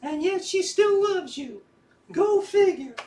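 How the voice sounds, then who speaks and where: An actress in an audio drama playing a blunt, teasing woman friend who has a soft side. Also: extremely high pitch, animated, takes it slowly, a little hiss or hum, exaggerated voice.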